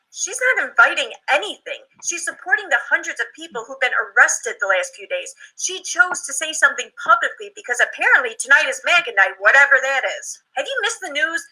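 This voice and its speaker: A woman co-hosting a vlog, reading out social media posts in a steady manner. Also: high-pitched, breathy edge, rough recording. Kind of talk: reading screenshots aloud.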